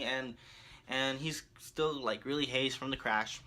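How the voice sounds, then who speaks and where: A man casually recapping a cartoon story as a video creator, animated and laughing often. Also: medium pitch, unhurried.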